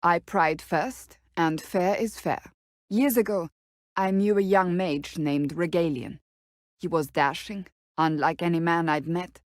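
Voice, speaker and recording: Woman playing a blunt serious warrior lady in a video game, kinda low voice, short clipped answers, dry studio sound. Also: unhurried, no room sound, close to an everyday voice. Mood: rueful. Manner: curt, formal and stern. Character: stern, blunt female warrior and seeker. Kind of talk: video game companion dialogue.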